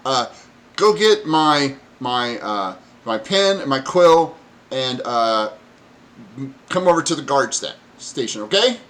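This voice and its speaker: A man voicing an eager snaggle-toothed male goblin underling who talks high and loud. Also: lively intonation, slow pace.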